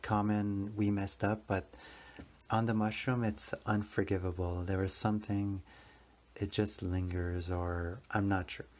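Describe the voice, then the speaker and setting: Low-voiced man telling a rambling personal story. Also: darkish tone. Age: 30s. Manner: rambling, earnest, self-correcting. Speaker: podcast host.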